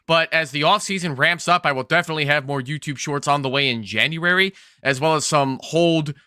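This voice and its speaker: A man co-hosting a fantasy football show, giving measured, explanatory advice with an occasional stammer. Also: a little high, bright, forceful tone, clean tone, no room sound, clean studio sound. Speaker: co-host, fantasy football analyst. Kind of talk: casual sports analysis chat.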